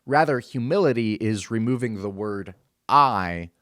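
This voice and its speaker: A young man hosts his own show and gives an earnest religious talk, explaining his point step by step. His voice sits a little low, and he often stops with fillers and restarts his sentences. The recording is dry and close, with no room sound. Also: expressive, a little slow, fairly bright tone, dry recording. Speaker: show host.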